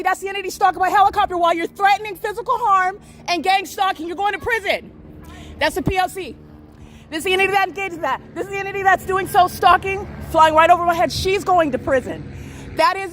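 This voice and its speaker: A woman's voice: extremely high pitch, fairly bright tone. A woman filming outdoors on a street by parked cars on a handheld phone, giving agitated, accusatory running commentary and repeating phrases insistently. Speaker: vlogger filming in public.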